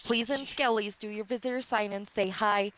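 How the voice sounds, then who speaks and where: A woman's voice: medium pitch, steady tone, normal speed, a bit bright, low-quality recording. A woman hosting a gaming stream, upbeat and laughing often while talking to her chat.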